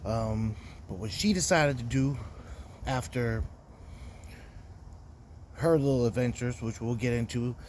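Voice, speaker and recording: A young man recapping his weekend in a loose, profane rant. His voice sits at an average pitch and he talks in a heated, conversational way. A faint background noise runs under the recording. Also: dark tone. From Florida. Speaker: podcast host. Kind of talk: casual storytelling rant.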